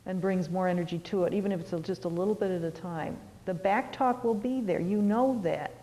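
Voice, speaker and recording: A middle-aged woman yoga teacher guiding a lesson, gently encouraging and often checking in with "all right". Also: mid-range voice, big-room sound, rough recording. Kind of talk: guided lesson on goals and mantra practice.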